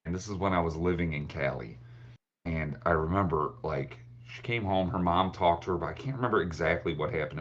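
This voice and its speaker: A man's voice: very deep voice, muffled recording. A man from Chicago telling loose, profane stories about his daughter in casual chat.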